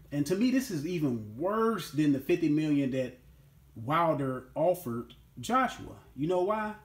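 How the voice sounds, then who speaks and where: A man with a mid-range, slightly mellow voice hosts a casual boxing opinion monologue as a boxing commentary host. He talks emphatically and repeats his points, constantly asking "you know what I'm saying." The recording has a roomy echo.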